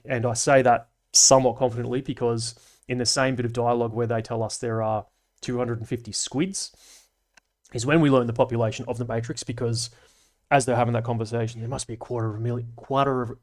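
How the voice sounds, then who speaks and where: A man's voice: medium pitch, fairly even intonation, fairly quick, darkish tone. A man with an Australian accent hosting a casual livestream, reading viewer comments aloud and answering them in a chatty, analytical way with dry asides and slang. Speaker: livestream host.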